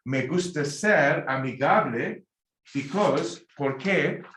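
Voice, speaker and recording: A man teaching a Spanish lecture, drilling example sentences slowly and emphatically. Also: a little high, animated, a bit bright, slight background noise. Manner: slow, emphatic drilling with repeated example phrases. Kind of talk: recorded language lecture. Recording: echoey room.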